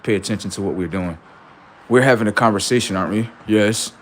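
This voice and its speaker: A man hosts a livestream, speaking casually in slang and preaching through rhetorical questions while playing both sides of imagined conversations. His voice is lowish and a little fast, with slight background noise.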